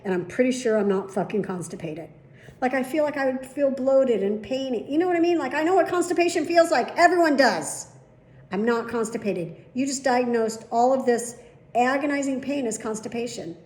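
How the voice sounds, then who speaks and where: A woman's voice: on the high side, expressive, moderate pace, a little mellow. A woman telling a story to camera in a blunt, indignant, heavily profane way. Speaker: video blogger. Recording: echoey room with faint background noise.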